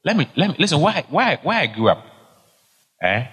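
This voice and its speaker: A man's voice: fairly high pitch, very animated, normal speed, a bit bright. A middle-aged man preaching a sermon, emphatic and exhorting, repeating key phrases. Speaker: pastor. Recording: long hall reverb.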